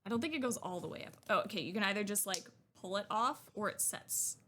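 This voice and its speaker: A young woman streamer chatting excitedly while unboxing, gushing and talkative. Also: mid-range voice, fast talker, slight background noise.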